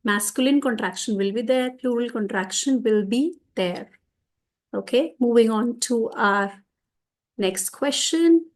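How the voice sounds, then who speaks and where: A woman takes students through French exam questions one at a time. Her voice sits a little high and she speaks slowly and carefully. She draws out the French answers so they are easy to follow. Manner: explains step by step, slows down on French answers. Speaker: French teacher. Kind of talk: exam revision lesson.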